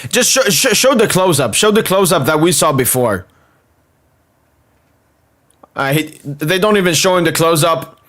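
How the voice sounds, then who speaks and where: Excitable young man at a live watchalong. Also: fairly high pitch, a little slow, long pauses. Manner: excitable, swears and shouts at the screen. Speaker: football watchalong host. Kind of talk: live match commentary.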